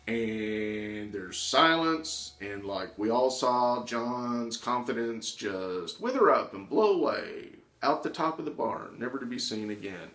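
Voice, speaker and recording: Animated man telling a story. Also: medium pitch, slow, hardly any pauses, soft background music. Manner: animated, acts out voices in his story. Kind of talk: personal storytelling. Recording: echoey room.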